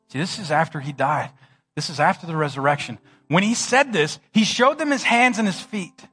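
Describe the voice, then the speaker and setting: A man's voice: fairly high pitch, animated, moderate pace, pushed and bright, slightly rough, faint music behind. A male pastor preaching a sermon, acting out the scene with playful slang. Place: church hall.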